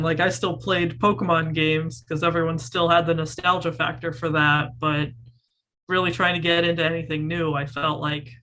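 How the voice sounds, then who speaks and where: Young female panelist, bright voice, casual, talks in loose run-on phrases. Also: deep voice, little pitch movement, moderate pace. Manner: casual, frequent "like". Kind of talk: panel discussion over video call.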